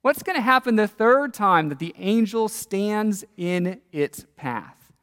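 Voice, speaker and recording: A male pastor tells a Bible story in his sermon, his high voice swinging widely in pitch as he questions his listeners. The sound carries a long reverb, as from a large hall. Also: lively intonation, takes it slowly, fairly bright tone, clear, resonant tone.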